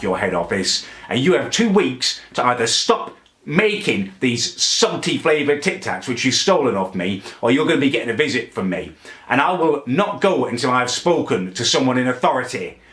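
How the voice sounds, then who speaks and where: A man's voice: medium pitch, a bit bright. A man delivering an indignant, pompous comedy rant to camera. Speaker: comedy vlogger ranting in character. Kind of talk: angry rant monologue. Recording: echoey room.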